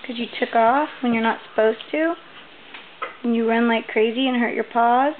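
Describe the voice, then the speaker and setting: A woman's voice: fairly high pitch, fairly even intonation, normal speed, a little hiss or hum. A woman at home talking to her dogs in playful, sing-song baby-talk, recorded on a tinny home video. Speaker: dog owner filming her pets.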